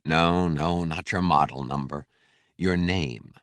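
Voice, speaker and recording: A man plays a precise male archivist in an audiobook, crisp and a little fussy. His voice is very low and dry, heard close to the mic. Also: slow, fairly bright tone, no echo, full character voice. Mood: curt.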